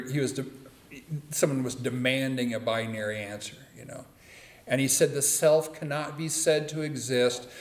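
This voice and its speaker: A man teaching a dharma talk in a relaxed, conversational way, with playful asides. His voice sits at an ordinary pitch, and the sound carries a roomy echo.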